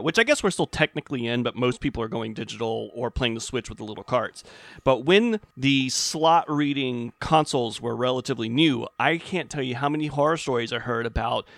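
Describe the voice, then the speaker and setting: A man's voice: mid-range voice, a bit bright, no room sound. A man in his thirties co-hosting a casual podcast chat, wry and teasing. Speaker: podcast co-host.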